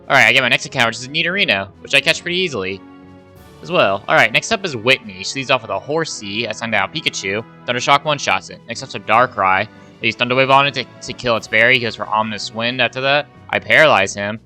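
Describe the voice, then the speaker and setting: A man's voice: medium pitch, fast, bright, forceful tone, faint music behind. A young man giving a rambling, casual play-by-play of a video game run, swearing and sighing at his losses. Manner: rambling play-by-play, swears, sighs when frustrated. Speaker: gaming YouTuber.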